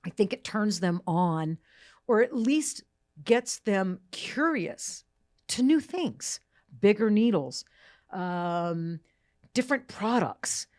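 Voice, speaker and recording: A woman's voice: mid-range voice, big pitch swings, slow, a little mellow, no echo, clean studio sound. A woman hosting a podcast, talking in a chatty, enthusiastic way with many fillers and restarts. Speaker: podcast host. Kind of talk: casual podcast chat. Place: recording studio.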